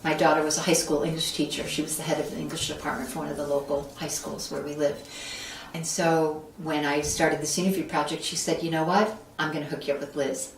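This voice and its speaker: A woman from Buffalo, New York, recounts a story in a relaxed interview and acts out the lines of the people in it. Her voice sits a little low, and the mic is some way from her in an echoey room with faint noise behind. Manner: animated, acts out quoted voices. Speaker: interview guest, author. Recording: roomy echo, mic at a distance, faint background noise.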